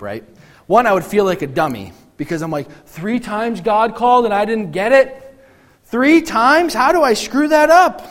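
A man preaching a sermon, reading scripture and acting out the voices in the story with animated energy. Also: a little high, big-room sound. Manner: animated, acts out biblical voices. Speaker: pastor.

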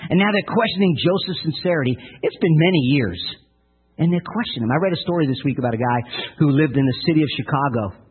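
A man's voice: fairly high pitch, slightly rough. A male pastor preaching a sermon in an earnest storytelling manner, often repeating words. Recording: tinny phone-like lo-fi sound.

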